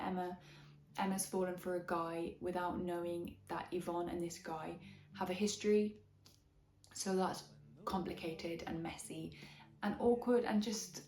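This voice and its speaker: A young Welsh woman with a slight Midlands twang, chatting frankly and enthusiastically as she reviews books. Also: mid-range voice. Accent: Welsh, with a slight English Midlands twang. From Wales. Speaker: book vlogger. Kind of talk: casual book review. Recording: echoey room with soft background music.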